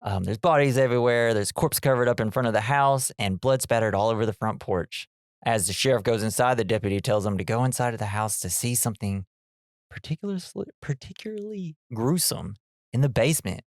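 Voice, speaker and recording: A man's voice: mid-range voice, expressive, fairly quick, no room sound, clean studio sound. A man with a Southern American accent co-hosting a podcast, recapping a movie in rambling casual chat with frequent laughs. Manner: rambling, laughs often, self-interrupting. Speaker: podcast co-host.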